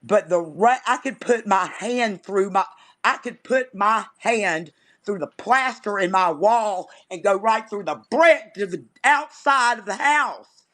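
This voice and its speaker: A woman's voice: mid-range voice, animated, measured pace, a bit bright. A woman guest on a live stream, ranting in an angry, exasperated, vehement way. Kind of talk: impassioned ranting.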